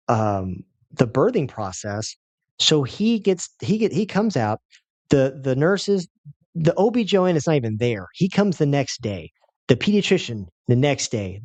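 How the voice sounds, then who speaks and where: A man, a chiropractor in his thirties, telling a personal story with lively acted-out quotes. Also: mid-range voice, no room sound. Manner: animated storyteller who acts out quoted voices.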